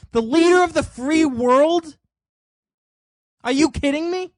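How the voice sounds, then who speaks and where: A man's voice: very high voice, slow pace, dry recording. A man hosting a political commentary show, delivering an indignant monologue full of rhetorical questions.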